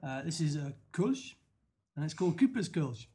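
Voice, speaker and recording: A man's voice: fairly high pitch, very animated, moderate pace, background noise. Chatty man hosting a podcast. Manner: chatty, reads out beer facts with dry asides. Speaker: podcast host. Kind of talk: casual beer podcast chat.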